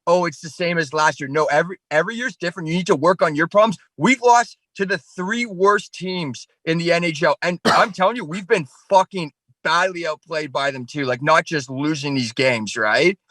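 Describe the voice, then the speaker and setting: High, bright-voiced man ranting crudely. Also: moderate pace, no room sound. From Canada. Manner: profane, rambling, ranting. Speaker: podcast guest. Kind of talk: crude casual chat.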